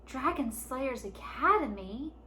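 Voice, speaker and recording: A timid, earnest peasant boy from a storybook, voiced by a woman. He sounds high and bright, eager but hesitant. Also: lively intonation, slow pace, a little hiss or hum, full character voice. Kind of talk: storybook read-aloud.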